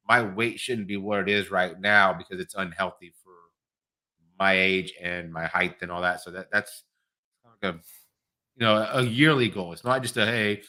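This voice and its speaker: Australian male co-host, lowish voice with a tense edge, easygoing and foul-mouthed. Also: pushed and bright. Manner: laid-back, swears casually, laughs often. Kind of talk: casual livestream chat.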